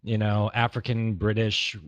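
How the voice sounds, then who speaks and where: A man's voice: on the low side, monotone, unhurried, dry recording. A man being interviewed as a guest composer, chatty and telling anecdotes in a casual way.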